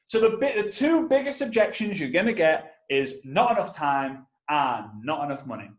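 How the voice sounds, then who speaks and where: A man's voice: a little high, moderate pace, reverberant. A man in his thirties, a network marketing trainer telling a story and talking straight to his listeners. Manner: animated, addresses listeners directly. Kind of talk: energetic storytelling talk.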